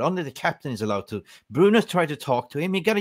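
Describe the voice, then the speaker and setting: Animated man ranting on a podcast. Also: on the high side, quick pace, slight background noise. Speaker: podcast host. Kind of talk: casual football podcast chat.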